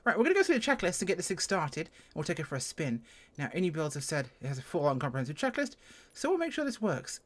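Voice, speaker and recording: A speaker with an English accent doing a casual first-look review of a flight sim plane, chatty and self-deprecating, with sudden jumps in pitch. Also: sing-song, quick pace. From England.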